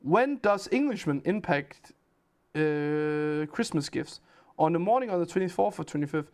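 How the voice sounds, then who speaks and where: A man's voice: a little high, animated, moderate pace, darkish tone. A man from Denmark with a Danish accent, a livestream host telling rambling stories and answering chat questions in casual chat.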